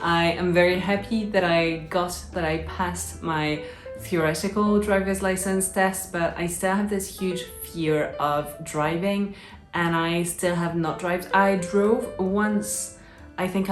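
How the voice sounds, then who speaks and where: A fairly low-voiced woman talks casually to her viewers in English, with a French accent that slides between British and American. She sounds upbeat and chatty and restarts her sentences often. The room is echoey, with soft instrumental music playing underneath. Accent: French, shifting between British and American. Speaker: illustrator and YouTuber. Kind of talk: casual chat to camera.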